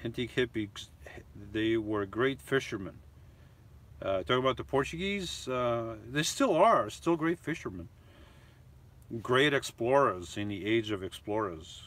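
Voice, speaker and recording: A man's voice: medium pitch, unhurried, fairly bright tone. A man hosting a live stream from a camper van, reading viewer comments aloud and chatting about them in a loose, rambling way.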